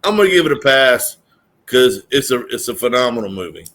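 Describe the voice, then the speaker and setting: A man's voice: mid-range voice, very animated, a little fast, a bit bright. A man in casual podcast chat, laid-back and hesitant, with dry humor.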